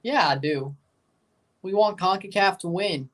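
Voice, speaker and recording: Man, livestream host, rambling casual chat, a little high, a touch distant from the mic. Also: measured pace, fairly bright tone. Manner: rambling, repeats himself, chuckles. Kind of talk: casual live reaction chat.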